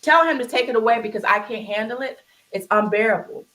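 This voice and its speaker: A woman's voice: fairly high pitch, fast talker, fairly bright tone, slight background noise, rough recording. A woman speaks earnestly and openly about something painful, her voice close to tears. She talks with restarts and fillers while she cooks, heard over a video call. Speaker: podcast co-host. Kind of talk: emotional personal talk.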